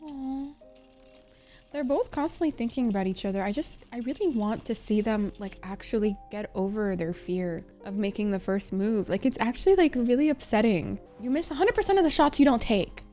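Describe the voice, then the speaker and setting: A woman's voice: a little high, expressive, normal speed, dark tone, soft background music. A young woman from Egypt giving casual reaction commentary on an anime, exasperated, swearing and venting at the characters.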